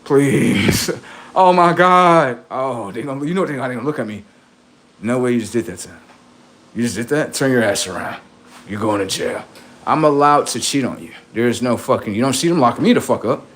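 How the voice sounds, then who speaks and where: A man's voice: medium pitch, fairly quick, fairly bright tone, slight background noise. A man on a livestream, talking in a rambling, profane, boastful monologue, often laughing and acting out quoted voices. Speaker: livestream host.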